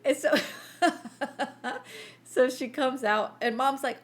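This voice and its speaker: Animated woman telling a funny story. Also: sits high, slow pace, slight background noise. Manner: animated storyteller, laughs often, acts out quotes. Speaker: podcast co-host. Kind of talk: casual chat.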